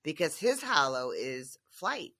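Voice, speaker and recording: Bright-voiced, animated podcast co-host. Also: medium pitch, takes it slowly. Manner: animated, laughs often, many fillers like "like". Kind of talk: casual book discussion chat.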